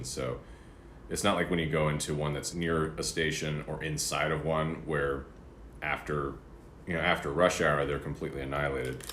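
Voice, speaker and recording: Very deep-voiced man chatting over breakfast. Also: a bit bright, slight background noise. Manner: rambling, chatty, eating between words. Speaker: livestreamer. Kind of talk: casual chat. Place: apartment room. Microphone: streaming setup. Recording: roomy apartment echo.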